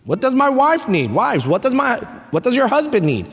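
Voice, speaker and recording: A man in his thirties preaching a sermon as pastor, animated and playful, with family stories and asides to the congregation. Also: very high-pitched, moderate pace, slightly rough. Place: church sanctuary. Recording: echoey church hall.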